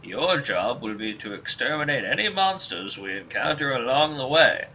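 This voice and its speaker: A gruff old mercenary who speaks slowly and stately, voiced by a man reading game lines aloud. The tone is bright and sharp. The recording is dull and lo-fi with a faint hiss. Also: medium pitch, very animated.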